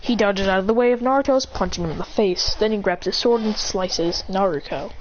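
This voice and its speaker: A woman's voice: medium pitch, a little fast, muffled recording, slight background noise. Rambling woman narrating fan fiction. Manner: rambling, self-correcting. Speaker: storyteller.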